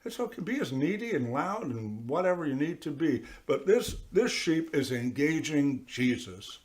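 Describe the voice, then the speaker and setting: A man with a rather high voice preaches in church at a moderate pace, keeping the sermon conversational. Animated and direct with his audience, he acts out small voices as he goes.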